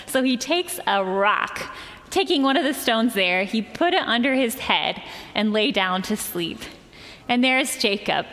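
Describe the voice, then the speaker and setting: A woman's voice: mid-range voice, a bit bright. Lady pastor preaching, chatty storytelling style, voice ringing around a big church hall. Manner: conversational storytelling preaching, acts out quoted lines. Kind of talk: sermon. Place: church sanctuary. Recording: long hall reverb of a church.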